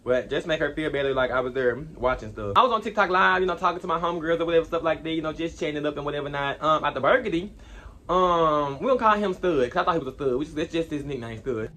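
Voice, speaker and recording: A young man telling a storytime vlog in an animated, slangy way, rambling with asides. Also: fairly high pitch, fast. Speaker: vlogger.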